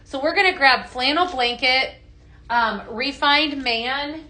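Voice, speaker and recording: This Texas woman speaks slowly in a high, bright, forceful voice with a Texan accent. Hosting a laid-back phone live stream while mixing fragrances, she chats cheerfully, greets viewers by name, and laughs a lot.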